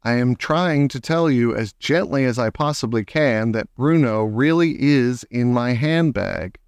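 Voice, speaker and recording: A man's voice: medium pitch, animated, a little slow, clean tone, no room sound. A man reading aloud and voicing an elderly grandmother who speaks patiently and precisely. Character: elderly grandmother, calm, firm, proper.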